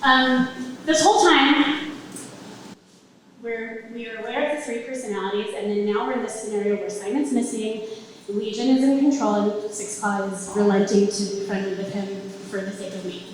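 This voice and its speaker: A woman's voice: mid-range voice, fairly even intonation, moderate pace, slight background noise. A woman telling a personal story on stage to a live audience, conversational, with wry asides to the crowd. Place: event venue with a live audience. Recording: very echoey room, mic at a distance.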